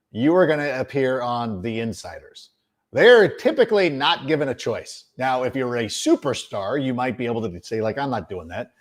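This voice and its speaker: A middle-aged man hosting a sports podcast, ranting in an exasperated, sarcastic, emphatic way. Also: medium pitch. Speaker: podcast host.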